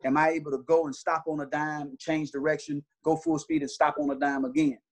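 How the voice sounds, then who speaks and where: A man's voice: a little high, animated, brisk. A middle-aged man, a basketball trainer, telling stories in a casual interview with earnest, repeated restarts.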